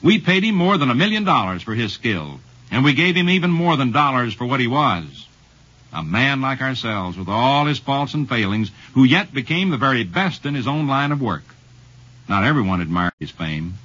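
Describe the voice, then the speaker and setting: A man narrating a scripted documentary in a measured, reflective way. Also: medium pitch, sing-song, fairly bright tone, breathy edge. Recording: dull lo-fi old radio recording.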